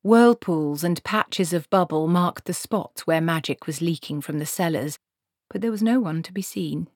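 Speaking at normal speed with a fairly low pitch, this woman narrates a comic fantasy novel for an audiobook. Wry and expressive, her scripted reading comes through a dry, studio-quality recording.

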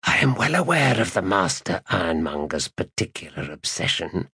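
A man voicing a cold, controlled stranger who threatens an assassin in an audiobook, in a raspy near-whisper. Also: deep voice, big pitch swings, moderate pace, bright, forceful tone, no room sound, clean studio sound, full character voice. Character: menacing mysterious male stalker, cold and controlled. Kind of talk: audiobook narration.

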